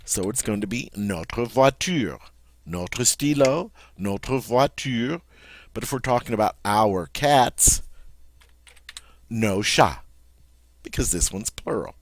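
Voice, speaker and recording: Slow, patient man teaching French. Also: lowish voice, animated. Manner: patient, repeats words slowly, checks in with "all right?". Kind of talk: classroom grammar lesson.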